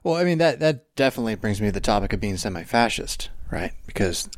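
A pastor co-hosting a podcast, thinking aloud in halting, searching sentences with many restarts. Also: male voice, on the low side, sing-song, dry recording. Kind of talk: reflective discussion.

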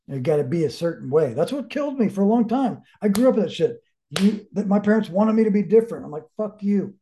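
A man's voice: high voice, expressive, fast talker, dark tone, a little hiss or hum. A man telling his story as an interview guest, blunt and rambling, full of swearing and searching reflection. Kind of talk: candid casual storytelling.

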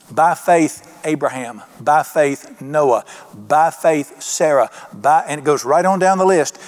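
A man preaching a sermon in a folksy, conversational way, slowing down for emphasis. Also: on the high side, darkish tone. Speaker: pastor.

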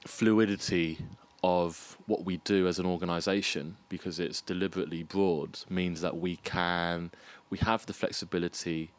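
A man, a freelance arts producer, talking in a relaxed, reflective way as a guest in a casual conversation. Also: deep voice, moderate pace, few pauses. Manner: reflective, restarts and lists ideas, animated about music.

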